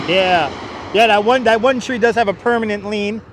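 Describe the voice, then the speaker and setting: High-voiced man joking through a livestream. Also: normal speed, noisy background. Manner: joking, mock folksy 'there, eh?' phrasing; calls out arriving flights like an announcer. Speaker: livestream host, plane spotter. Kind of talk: casual live commentary to chat. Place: outdoors near an airport runway. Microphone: wireless clip-on mic.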